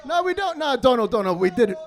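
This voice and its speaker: A man hosting a live comedy night on stage, calming a rowdy act by repeating himself. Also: very high-pitched, fast. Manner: repeats "listen" to calm things.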